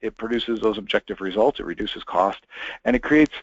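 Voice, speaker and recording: A man's voice: fairly low pitch, animated, brisk, no room sound, highs cut off. A man giving a conversational technical webinar presentation, chatty, with many fillers and restarts.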